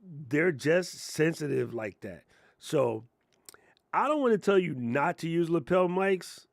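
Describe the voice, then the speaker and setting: A man's voice: on the high side, lively intonation, slow, creaky, no echo, studio quality. Ranting, sarcastic male tech streamer. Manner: ranting, sarcastic, jokey, puts on mocking voices; laid-back and muttering while working the computer. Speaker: content creator giving tech tips. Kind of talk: casual livestream tutorial. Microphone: lapel mic on chest.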